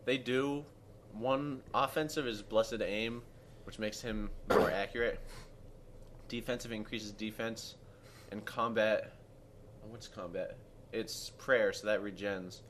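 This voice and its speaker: Relaxed man commentating a speedrun. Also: lowish voice, takes it slowly, noisy background. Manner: relaxed, explains game mechanics, eats while talking. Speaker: speedrunner commentating his own run. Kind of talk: casual game commentary.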